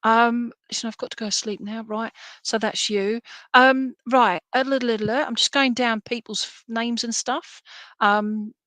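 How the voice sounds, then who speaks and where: A woman's voice: on the high side, fairly even intonation, unhurried, fairly bright tone, no echo. Woman, chatty psychic reader, reassuring, lots of ums, dry close sound. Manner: chatty, reassuring, many fillers. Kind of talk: live-stream reading.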